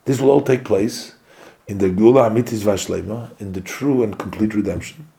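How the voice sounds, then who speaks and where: Man haltingly interpreting a religious talk. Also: fairly low pitch, creaky, warm tone. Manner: halting, delivered in short fragments with pauses and restarts. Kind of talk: phrase-by-phrase spoken translation of a religious discourse.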